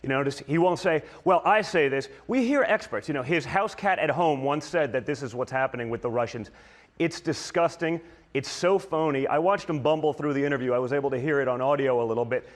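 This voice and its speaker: A man rants about politics with indignation and fires off accusations in quick succession. His voice sits a little high for a man. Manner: indignant, rapid-fire accusations.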